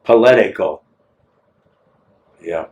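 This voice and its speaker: An older man, a war veteran, telling his story in an oral history interview with a teasing, lively manner. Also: sits low, slow pace, highs cut off. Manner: lively, acts out scenes, teasing.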